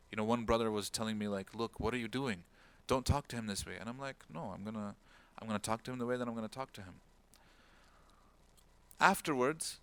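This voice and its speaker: A man with a medium-pitched, slightly bright voice speaks as an imam in an informal, talk-style religious lecture. He tells a story and acts out its people in a raised voice, mixing Arabic words and phrases into his talk.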